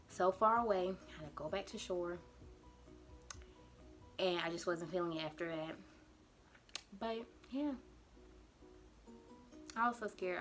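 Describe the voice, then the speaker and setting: A young woman vlogger telling a dramatic storytime to her camera, animated and acting out her own panic. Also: lowish voice. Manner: acts out her panicked past self in quotes. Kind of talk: storytime vlog.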